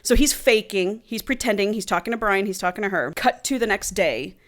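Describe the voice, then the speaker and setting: A woman's voice: mid-range voice, fairly quick, a bit bright. Chatty swearing woman podcast host. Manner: swears freely, retells animatedly with "he's like". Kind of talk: casual book-club chat, retelling a plot.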